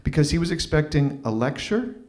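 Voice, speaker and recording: Male open mic storyteller, wry self-deprecating delivery, halting restarts, stage mic. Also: on the high side, big pitch swings, darkish tone. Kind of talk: live storytelling set. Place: small arts venue stage.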